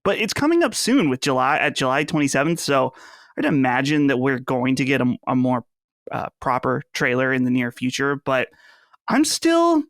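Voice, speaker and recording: A man co-hosting a podcast in casual chat, speaking in a measured, hedging way. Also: medium pitch, very animated, fairly bright tone, no echo, clean studio sound. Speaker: podcast co-host.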